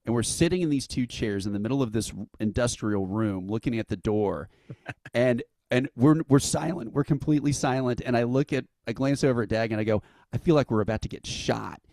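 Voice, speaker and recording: An event founder, interviewed as a guest, tells a long, casual anecdote, acting out people's lines with laughs. His voice is medium-pitched and brisk, with no room sound.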